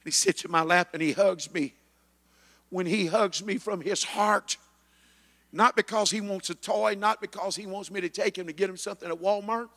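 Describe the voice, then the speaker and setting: Male preacher, 50s, high and gravelly, builds to shouting, echoey hall. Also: fairly even intonation, moderate pace. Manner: builds to shouted climaxes, chanting amen. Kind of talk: sermon.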